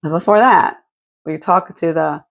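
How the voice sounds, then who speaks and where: Gravelly woman rambling through a crime story. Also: deep voice, unhurried, lo-fi sound. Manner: rambling, many restarts and fillers. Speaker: streamer. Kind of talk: casual chat retelling a true crime story.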